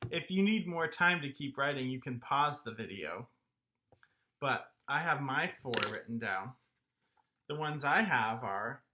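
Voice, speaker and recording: A man's voice: mid-range voice, sharp tone. A man teaching an online music lesson to young children, encouraging and speaking straight to his students.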